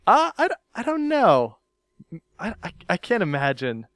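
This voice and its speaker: A man's voice: high voice, huge pitch swings, measured pace, a crowd in the background. A man hosting a casual podcast, teasing his co-host and laughing often.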